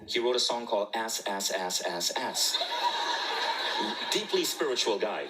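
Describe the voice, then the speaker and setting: Middle-aged male storyteller, bright and clear, playful and animated delivery. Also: on the low side, measured pace, poor audio. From Malaysia. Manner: jokey, animated, laughs at own jokes. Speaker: speaker telling a personal story. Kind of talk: humorous storytelling talk.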